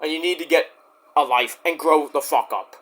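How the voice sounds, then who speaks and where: A man's voice: a little high, moderate pace, fairly bright tone. A man in a vlog ranting straight at his critics, defensive and indignant, swearing and rambling with restarts. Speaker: YouTube wrestling reviewer.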